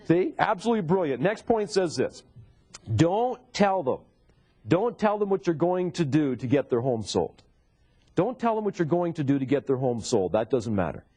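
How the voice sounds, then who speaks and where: A man's voice: fairly high pitch, very animated, normal speed, mellow, husky. A man teaching real estate sales to a live seminar audience, often putting questions to the room and repeating key points. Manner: asks the audience rhetorical questions. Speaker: sales trainer. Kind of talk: seminar lecture.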